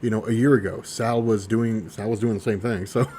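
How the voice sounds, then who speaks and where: A man's voice: on the low side, steady tone, brisk, crowd noise. A man co-hosting a podcast, rambling in a casual chat with many fillers. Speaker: podcast co-host.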